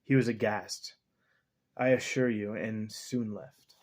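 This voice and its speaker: A man reading a novel aloud at home in a slow, measured, dramatic first-person style. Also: fairly low pitch, a little mellow, a little hiss or hum. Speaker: audiobook reader.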